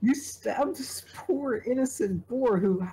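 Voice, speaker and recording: Wry tabletop game master, mellow voice, light background noise. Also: medium pitch, slow pace, poor audio.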